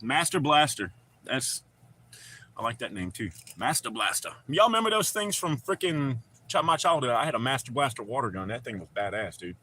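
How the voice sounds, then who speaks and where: A man's voice: mid-range voice, big pitch swings, fairly quick, pushed and bright. Profane, chatty man streaming. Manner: loose and profane, chatting with viewers. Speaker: live streamer. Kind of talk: casual live-stream chat.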